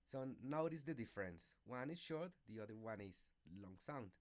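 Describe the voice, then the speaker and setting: A man whose first language is Spanish, giving a slow, careful pronunciation lesson with many hesitations and checks of "okay". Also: medium pitch, lively intonation.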